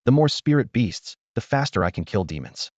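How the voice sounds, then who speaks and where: A man voicing a calm, polite young man with a composed, steady manner. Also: mid-range voice, normal speed, dry recording, close to an everyday voice. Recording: dull lo-fi dry recording.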